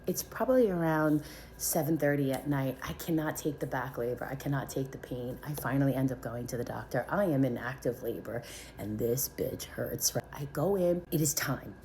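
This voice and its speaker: A woman telling a personal story to her viewers, animated and dramatic, with whispered asides. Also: very deep voice, moderate pace, slight background noise. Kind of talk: casual storytelling to camera.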